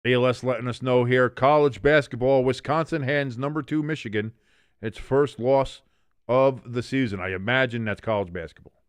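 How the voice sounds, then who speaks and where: A man's voice: medium pitch, moderate pace, clean tone, no echo. A man hosting a casual sports watch-along, mixing play-by-play calls with rambling jokes and chat comments he reads aloud.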